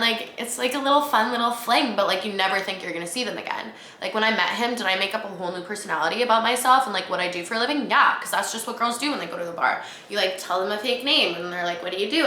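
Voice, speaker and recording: A woman's voice: medium pitch, sharp tone, slight background noise. A young woman from Canada hosting her podcast, telling a personal story in a chatty, oversharing way, full of "like" and self-mockery. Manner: chatty, oversharing, heavy "like" filler, self-mocking. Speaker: podcast host. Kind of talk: casual storytelling monologue. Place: apartment room. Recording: echoey room.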